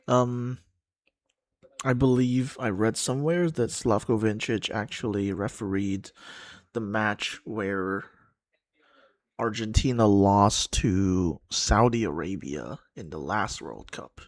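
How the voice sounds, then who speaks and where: A man with a fairly low voice talks loosely over a match he is watching, pausing with ums as he thinks aloud. The sound is dry and close, with no room around it. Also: no room sound. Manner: chatty, thinking aloud with fillers. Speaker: watchalong host. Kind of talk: casual live commentary.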